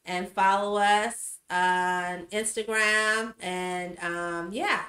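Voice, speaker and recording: Woman chatting on a livestream, shouting out viewers, lots of ums, roomy echo. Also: mid-range voice, steady tone, drawn-out words, hardly any pauses. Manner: warm shout-outs to viewers, many fillers. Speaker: livestream host. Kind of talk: casual livestream chat.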